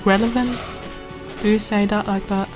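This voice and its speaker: A woman's voice: mid-range voice, steady tone, moderate pace. Chatty woman commentating a video game over music. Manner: chatty, rambling asides with restarts. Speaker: let's play host. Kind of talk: casual gameplay commentary. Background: game music and sound.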